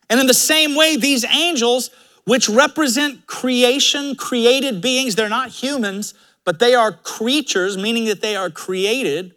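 Man preaching, high bright voice, emphatic, conversational sermon. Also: slow pace. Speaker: pastor. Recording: live church sermon audio.

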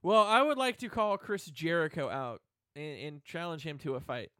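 A man hosting a rock radio show, talking fast and teasing his co-host. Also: fairly high pitch, fairly bright tone, clean tone, no echo, studio quality. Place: radio studio.

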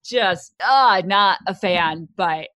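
A woman chats on a podcast with a bright voice, recorded dry and close. She is candid and joking and laughs easily. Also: mid-range voice, slow, no room sound. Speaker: podcast co-host. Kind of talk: casual movie chat.

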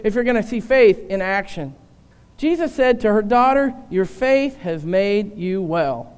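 A man with a very high, smooth and resonant voice preaches a sermon, often turning to ask his listeners questions. He sounds older, and the recording carries a long hall reverb. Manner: rhetorical questions to the congregation.

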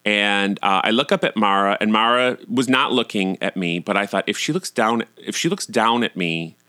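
A middle-aged man hosting a podcast, telling a personal story in a candid, self-deprecating way and getting animated when he acts out scenes. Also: lowish voice, normal speed, clear, resonant tone, no echo. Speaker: podcast host.

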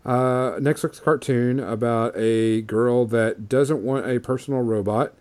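A man's voice: medium pitch, fairly even intonation, a little slow, darkish tone. A man in his thirties, a podcast co-host, telling a story in casual chat, rambling with lots of fillers.

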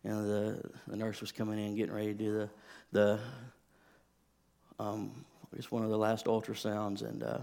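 A man in his thirties, a pastor, telling a personal story in a sermon, shifting from hushed, quiet stretches to rising, impassioned preaching. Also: lowish voice, moderate pace, vocal fry.

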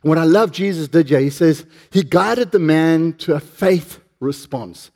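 A man's voice: a little high, measured pace, dark tone. A man preaching a sermon, telling stories with animation and putting questions to the congregation.

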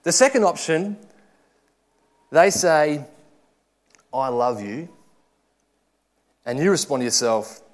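A man's voice: on the high side, lively intonation, slow pace, pauses often. Earnest man preaching. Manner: earnest, swings from loud urging to soft asides. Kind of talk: sermon.

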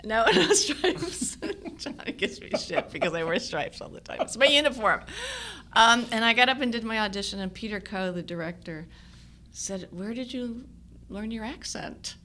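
Bright-voiced woman in her sixties. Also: on the high side, normal speed, a little hiss or hum. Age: 60s. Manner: animated storytelling, laughing often. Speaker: guest actress. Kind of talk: casual interview chat.

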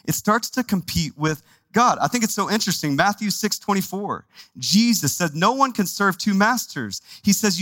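A man from Texas, a pastor preaching a sermon in a conversational, animated way, with asides to the congregation. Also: high voice, dry recording. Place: church sanctuary.

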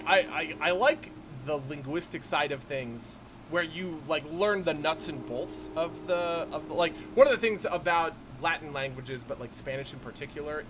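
A man co-hosting a casual podcast chat, animated and quick to laugh. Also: on the high side, background noise. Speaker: podcast co-host.

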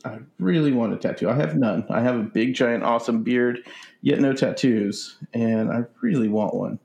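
A man co-hosting a podcast, telling a rant as a deadpan, boastful storyteller with a gravelly voice. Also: medium pitch, moderate pace. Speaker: podcast co-host. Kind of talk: casual ranting chat.

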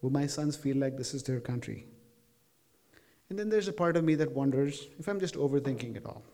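Male storyteller, earnest and reflective, mellow dark tone, live theater performance. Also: mid-range voice, animated, a little fast, slight background noise. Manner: earnest, reflective, rhetorical questions. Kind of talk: personal story told to a live audience. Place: theater stage.

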